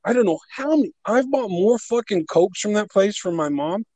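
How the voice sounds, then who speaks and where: A man's voice: sits high, expressive, normal speed, warm tone, no room sound, low-quality recording. A man casually telling a story, exasperated and swearing, acting out what everyone said. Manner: profane, exasperated, acts out quotes.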